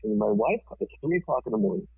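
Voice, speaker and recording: A man, a TV producer and podcast guest, telling a story in a casual, forceful way and swearing freely. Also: lowish voice, expressive, fast, gravelly, a little hiss or hum. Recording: tinny phone-like sound.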